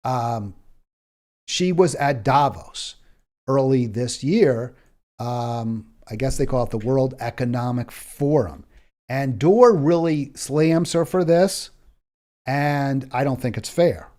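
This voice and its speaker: Taking it slowly in a mid-range, darkish voice, a man with an American accent hosts a solo political commentary show. His delivery is impassioned, full of emphatic repetition, fillers, and restarts.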